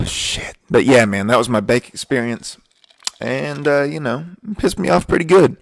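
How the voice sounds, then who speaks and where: A man's voice: mid-range voice, unhurried, vocal fry, no room sound. A young man hosting a podcast, telling stories in a laid-back, profane, ranting way. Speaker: podcast host. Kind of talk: casual storytelling monologue.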